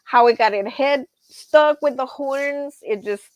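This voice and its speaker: Woman doing a live stream, chatty and animated, kinda high voice, dry close mic. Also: unhurried, no echo. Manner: animated storyteller, says y'all, laughs often. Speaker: livestream host. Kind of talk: casual live-stream chat.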